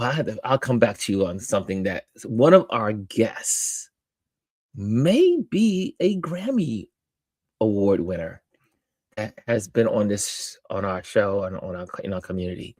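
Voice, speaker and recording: A man hosting a live-stream, greeting viewers by name and reading their comments aloud in an upbeat, animated way. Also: lowish voice, a little slow, dry recording. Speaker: host.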